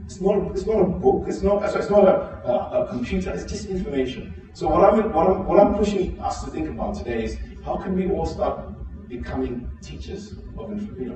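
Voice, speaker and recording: A man's voice: a little fast, faint music behind. A man from Zimbabwe giving a conference keynote, telling stories and acting out quoted dialogue, with frequent restarts. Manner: animated storytelling, acts out quoted dialogue with pitch jumps; frequent restarts and filler words. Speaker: keynote speaker. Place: large conference hall. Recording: echoey hall, voice from a distance.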